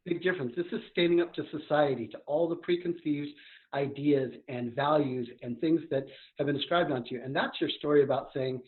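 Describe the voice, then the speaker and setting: A man coaching live on a podcast, talking a million miles an hour. His voice sits a little high, and it comes through a narrow, tinny remote line. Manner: fast, energetic, talks a million miles an hour.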